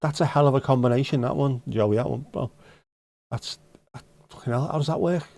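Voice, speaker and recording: A man's voice: medium pitch, fairly quick, creaky, darkish tone, dry recording. A man with a Liverpool accent hosting a livestream, chatting casually with viewers in blunt, sweary banter with dry jokes. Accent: Liverpool (Scouse). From Liverpool, England. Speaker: livestream host. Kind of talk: casual chat answering viewer comments. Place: home livestream setup.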